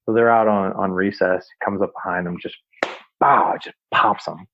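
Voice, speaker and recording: A man's voice: low-pitched, steady tone, moderate pace, highs cut off, a little hiss or hum. A middle-aged man, a podcast host, telling a personal story in a loose, chatty way with plenty of fillers. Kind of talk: casual storytelling.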